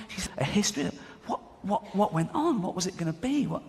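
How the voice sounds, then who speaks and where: A man doing stand-up, telling a story in an animated way and acting out other people's voices. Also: sits high, brisk, vocal fry. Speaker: stand-up comedian. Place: comedy stage. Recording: live stage, hall reverb, faint ambience.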